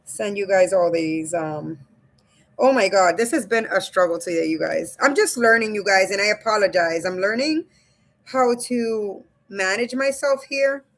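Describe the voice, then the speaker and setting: Her voice is mid-range and moves at a normal speed. She's a woman in her thirties or forties hosting a relaxed live stream on a webcam at home, talkative and informal, often calling viewers "you guys."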